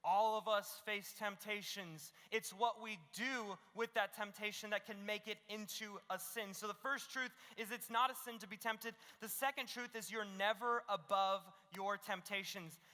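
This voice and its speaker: A man preaching a youth sermon as the youth pastor. He is animated and joking, acts out little scenes and keeps adding "okay?". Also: high-pitched, moderate pace, few pauses, long reverb tail.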